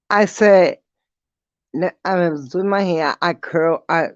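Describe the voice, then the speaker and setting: Slow-talking vlogger, lively storyteller. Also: mid-range voice, no echo. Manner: animated, laughing often, swears freely. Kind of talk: casual storytelling to camera. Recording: dull, slightly lo-fi dry audio.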